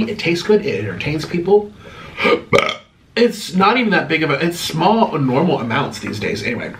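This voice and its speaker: Recorded from a distance with slight background noise, a man's fairly bright voice carries casual chat over a meal. He's in his thirties, hosting an eating video at home and handling viewer questions theatrically and sarcastically, swinging his pitch high and low.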